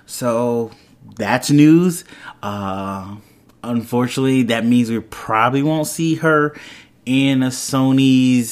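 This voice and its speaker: A man hosting a solo podcast in casual chat, rambling and correcting himself, excitable as he talks. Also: medium pitch. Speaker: podcast host. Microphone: headphones and microphone.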